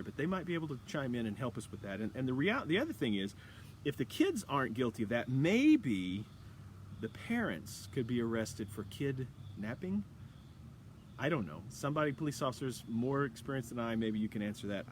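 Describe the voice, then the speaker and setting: A man's voice: mid-range voice, fairly bright tone. Middle-aged man, pastor, folksy livestream chat, faint background noise. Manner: folksy, chatty, greets viewers by name. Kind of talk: livestream prayer and dad jokes. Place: church or home, livestream.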